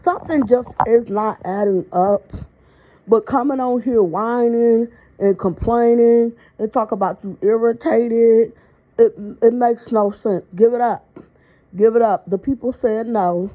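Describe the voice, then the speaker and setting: A sassy woman, talking straight to her viewers in casual reaction commentary. Her voice sits a little high, and her exasperation comes through plainly. The recording sounds dull and lo-fi. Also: unhurried.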